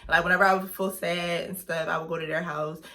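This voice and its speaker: Young woman vlogger, bright tone, chatty storytelling. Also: on the low side, quick pace. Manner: chatty, lots of fillers, animated retelling. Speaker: vlogger and lash artist. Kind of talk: casual storytime vlog.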